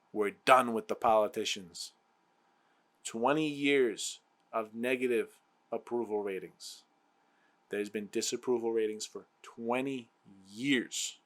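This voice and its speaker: A man's voice: on the low side, fairly bright tone. A man hosting his own show, ranting heatedly and exasperatedly about politics, repeating himself. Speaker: podcast host. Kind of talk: political rant.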